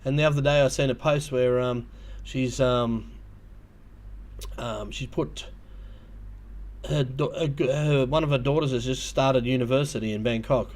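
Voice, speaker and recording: A man's voice: medium pitch, fairly even intonation, measured pace, a little mellow. A man with an Australian accent hosting a casual livestream, telling a rambling story full of ums and restarts. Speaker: livestream host.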